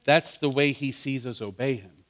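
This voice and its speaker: In a mid-range, slightly bright voice at normal speed, a man preaches to his Bible study group. He keeps it conversational and interactive, asking questions before building to fervent emphasis.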